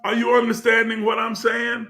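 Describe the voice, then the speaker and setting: A man teaching on the spiritual life in a preaching cadence, repeating phrases and rising to shouts. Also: very high voice, completely flat delivery, normal speed, gravelly, soft background music.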